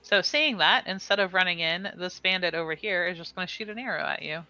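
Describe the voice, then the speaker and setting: Bright-voiced woman game master, dull stream audio. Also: lowish voice, a little fast, dry recording, faint music behind. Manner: calls rolls and describes attacks, with small laughs. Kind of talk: narrating a tabletop game. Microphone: streaming mic.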